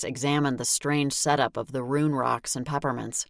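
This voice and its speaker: A woman's voice: a bass voice, fairly even intonation, moderate pace, vocal fry, hardly any pauses, no room sound. A woman reading a first-person audiobook with a dry, wry delivery on a close studio mic. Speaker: audiobook narrator. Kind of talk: first-person scripted narration.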